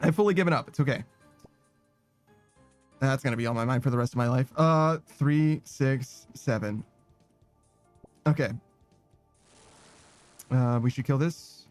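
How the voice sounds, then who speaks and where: A man's voice: mid-range voice, a little slow, pauses often, soft background music. A man chatting casually while streaming a game, rambling, swearing and laughing at himself. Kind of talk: casual chat while gaming.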